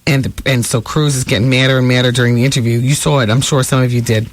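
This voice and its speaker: A woman hosting a talk radio show, chatting through celebrity gossip in a lively way with asides to listeners. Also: very deep voice, fast talker, hardly any pauses, no echo. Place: radio studio.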